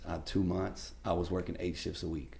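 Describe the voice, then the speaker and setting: A man's voice: sits low, moderate pace, creaky, a little hiss or hum. A man who works as a radio DJ, telling stories casually as a podcast guest and acting out the people in them. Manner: animated, acts out the people in his stories. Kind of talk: casual storytelling.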